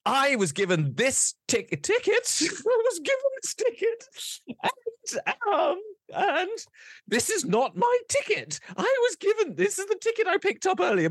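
A man's voice: very high-pitched, huge pitch swings, measured pace, no echo, studio quality, voice pushed up, full character voice. A man voicing a pompous self-proclaimed aristocrat who blusters and drops names. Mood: indignant. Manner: haughty, blustering, name-dropping.

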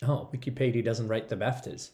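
A man's voice: mid-range voice, steady tone, a little fast, darkish tone. A man co-hosting a casual movie review podcast, dropping dry quips and short agreements. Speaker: podcast co-host.

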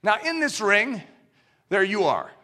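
Male preacher, high and sharp-toned, very expressive delivery, acts out scenes mid-sermon. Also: unhurried. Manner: animated, acts out dialogue and illustrations.

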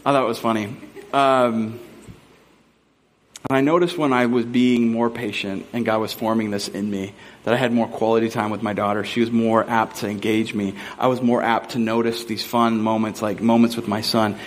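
A man's voice: on the low side, little pitch movement, moderate pace, big-room sound. A man in his thirties preaching a sermon, telling self-deprecating stories with humor as a pastor. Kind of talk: sermon with personal story.

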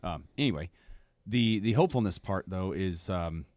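Deep-voiced man, measured and reflective. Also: animated, a little mellow, no echo. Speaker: podcast co-host. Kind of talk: casual chat.

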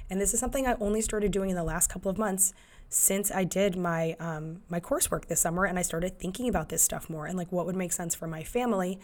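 Chatty woman giving parenting advice. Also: on the low side. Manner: conversational, many fillers and restarts, acts out quotes. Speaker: podcast host and parent. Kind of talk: casual advice monologue.

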